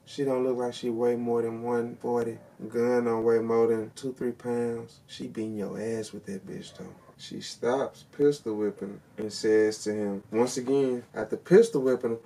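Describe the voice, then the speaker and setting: A man retells a film's plot in a casual movie review. He talks in an animated, slangy way and swears freely. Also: medium pitch, normal speed, hardly any pauses, far from the mic. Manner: animated, slangy, profane storytelling.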